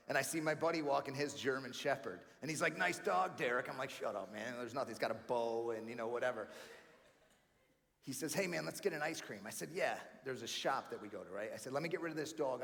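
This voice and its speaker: A man from New York doing energetic, chatty stand-up comedy as a banquet keynote, often calling the crowd friends and man. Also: medium pitch, quick pace, gravelly. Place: large banquet hall. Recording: live hall reverb with faint room noise.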